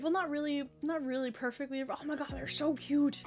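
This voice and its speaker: Excitable high-voiced woman streamer. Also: fairly quick, few pauses, over music. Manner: excitable, chatty, swears often. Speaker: livestreamer. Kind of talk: casual live-stream chat.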